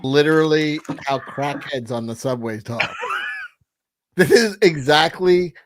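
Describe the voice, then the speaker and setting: Blunt, deadpan man in podcast banter. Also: a little high, unhurried, slight background noise. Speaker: podcast co-host. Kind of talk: casual crude banter.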